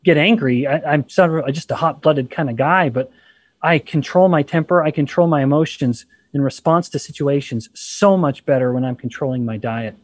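A man with a fairly high voice speaks on a podcast with emphasis and humor. He gets animated as he makes his points. The sound is dry and close, with no room echo. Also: normal speed. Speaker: podcast co-host. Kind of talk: casual podcast discussion.

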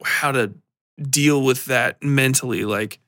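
Man, podcast host, rambling casual chat, bright voice, dry sound. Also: medium pitch, takes it slowly, dry recording. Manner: rambling, with fillers and self-conscious laughs.

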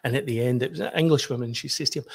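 Man, middle-aged, Scottish accent, podcast guest, rambling storyteller, mid pitch. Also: very fast, creaky, slightly rough. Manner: rambling storyteller, many restarts and "you know". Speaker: sports journalist, guest. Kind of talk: anecdotal podcast chat.

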